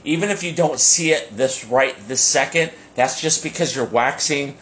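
A man's voice: medium pitch, normal speed, a bit bright, a little hiss or hum. A man co-hosting a podcast in casual chat, rambling with many fillers and restarts. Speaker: podcast co-host.

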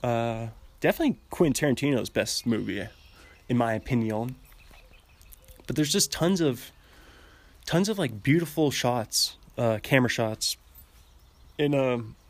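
A young man talks in a casual podcast monologue at a middle pitch. He rambles from thought to thought, laughs often, and keeps restarting his sentences. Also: lively intonation, measured pace, pauses often.

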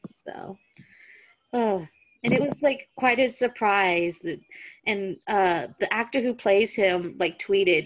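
A woman's voice: mid-range voice, takes it slowly, low-quality recording. A young woman co-hosting a podcast, reading fan fiction aloud and chatting casually with self-corrections. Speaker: podcast co-host and reader.

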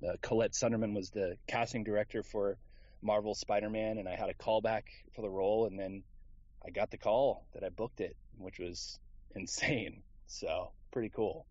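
Easygoing low-voiced man rambling. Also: fairly even intonation, normal speed, a little mellow, dry recording, lo-fi sound. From Houston, Texas. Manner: rambling, easygoing, many fillers and laughs. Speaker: voice actor guest. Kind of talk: casual interview.

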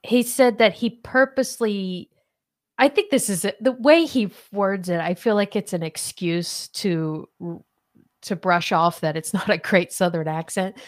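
A woman hosting a casual podcast chat and running a playful quiz, laughing often. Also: fairly low pitch. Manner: giggly, chatty, laughs often. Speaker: podcast host.

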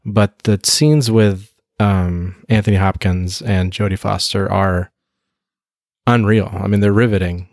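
A man's voice: lowish voice, steady tone, a little slow, darkish tone, no echo, clean studio sound. A man co-hosting a podcast, chatting eagerly and casually. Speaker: podcast co-host. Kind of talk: casual chat.

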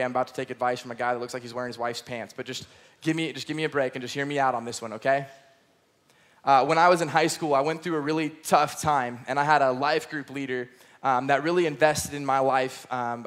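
A man's voice: on the high side, fairly bright tone. A young man giving an earnest, conversational sermon as a youth pastor, with playful asides. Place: church auditorium, service also streamed online.

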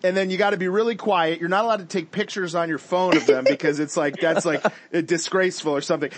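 A man's voice: on the high side, steady tone, fast talker, hardly any pauses. A man hosting a podcast, joking and rambling through stories. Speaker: podcast host. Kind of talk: casual chat.

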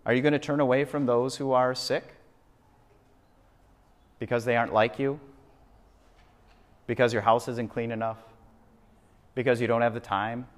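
A man's voice: medium pitch, steady tone, moderate pace, pauses often. A male pastor preaching a sermon, emphatic and fond of repeating phrases for effect. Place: church sanctuary. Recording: long reverb of a church hall.

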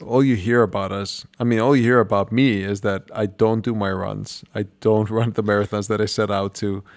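Male co-host, lower voice, sheepish and chatty, dry recording. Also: fairly even intonation, moderate pace, dry recording. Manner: self-mocking, rambling, laughing. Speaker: podcast co-host and restaurant owner. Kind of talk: casual podcast chat.

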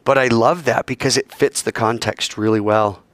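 A man's voice: medium pitch, normal speed, no room sound. A man preaching a sermon, telling the story with energy and acting out the voices of the people in it. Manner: animated storytelling, acts out voices, swings from loud to soft.

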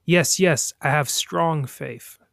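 A man's voice: fairly high pitch, takes it slowly, gravelly, fairly bright tone, dry recording, clean studio sound, full character voice. A man voicing a frightened male tourist who pleads desperately for help while hanging from a cliff.

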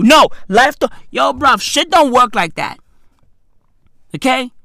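A man in a rambling, profane rant who keeps asking "right?" and swings between loud outbursts and low mutters. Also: animated, slow pace, vocal fry, no room sound, studio quality.

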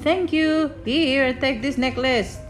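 A woman's voice: high voice, slow pace, faint music behind, pitched above the performer's own voice. Woman doing a lost, polite talking goat. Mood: lost, grateful.

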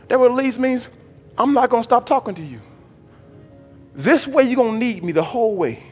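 High-pitched preacher man in a ringing hall. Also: expressive, husky, faint music behind. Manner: swings from low murmurs to shouted, drawn-out exhortation; repeats phrases in a rhythmic, call-style preaching cadence. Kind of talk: sermon. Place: church hall.

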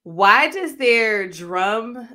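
A woman's voice: a little high, expressive, very slow, bright, forceful tone. A woman co-hosting a casual show, giving wry, opinionated reactions to church videos. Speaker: co-host.

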